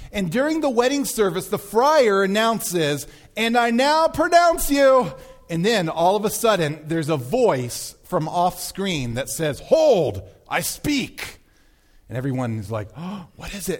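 A man preaching a sermon as pastor, telling stories animatedly and acting out film scenes. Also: sits high.

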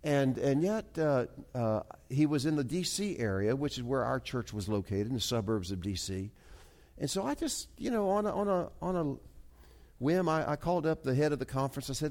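A man preaching a sermon as a pastor, telling a story earnestly with many halting restarts and swings from soft asides to emphatic climbs. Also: mid-range voice, animated.

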